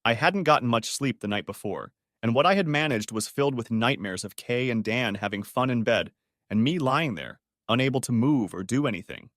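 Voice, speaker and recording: A man's voice: mid-range voice, expressive, brisk, a bit bright, dry recording, studio quality. A man narrating a first-person story in a bitter, tight-lipped way.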